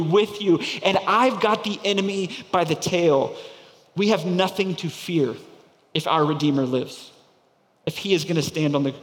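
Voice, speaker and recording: A man preaching a sermon, swinging from loud proclaiming to hushed, near-whispered lines. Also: on the high side, long reverb tail. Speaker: pastor.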